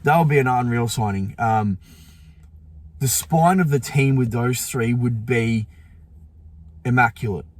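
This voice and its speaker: A man's voice: medium pitch, unhurried, pauses often. A man hosting a fan channel, chatting casually and sleepily about football with many fillers and restarts. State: sleepy, yawning. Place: outdoors in morning sun.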